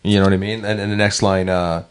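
A man with a low voice co-hosts a morning radio show. He talks in a loose, easygoing way, often restarting his thoughts mid-sentence. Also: quick pace, smooth. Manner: relaxed, trails off, restarts often. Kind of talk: casual radio chat.

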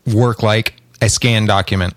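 Low-voiced rambling male co-host. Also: steady tone, unhurried, no echo. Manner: rambling, searching for words. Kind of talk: casual chat.

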